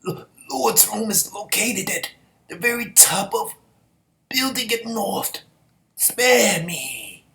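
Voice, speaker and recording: A man's voice: expressive, slow, creaky, sharp tone, exaggerated voice. Man putting on a whimpering stabbed housekeeper. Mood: pleading. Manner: pleading, whimpering high voice. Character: begging wounded male housekeeper, grown man.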